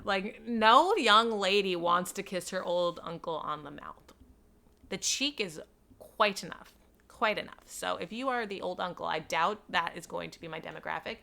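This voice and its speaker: A woman's voice: medium pitch, gravelly, sharp tone. A woman in her thirties from New York, hosting her own podcast and telling stories in a chatty, self-deprecating way with playful asides. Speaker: podcast host. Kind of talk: casual solo storytelling.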